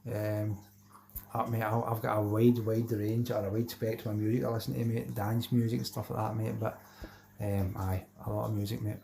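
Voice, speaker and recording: A man's voice: on the low side, flat delivery, normal speed, vocal fry, warm tone, slight background noise. A Scottish man from Glasgow hosting a casual fishing livestream, chatting with viewers by name and calling them "mate" all the time. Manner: chatty, says "mate" constantly, reads out viewer names. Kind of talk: casual live chat with viewers.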